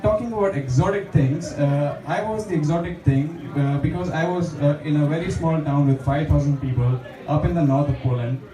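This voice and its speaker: A young man doing open mic stand-up in a small bar, chatty and self-deprecating, with lots of fillers. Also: fairly high pitch. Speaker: stand-up comedian. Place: small bar stage with a live audience. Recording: echoey bar room, distant mic, audience laughter.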